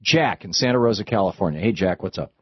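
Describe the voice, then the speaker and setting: Male call-in radio host, lower voice, husky, slightly dull dry studio sound, stammers then speeds up. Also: fast, dry recording. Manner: animated, stammering restarts, mocking voices. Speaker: radio talk show host.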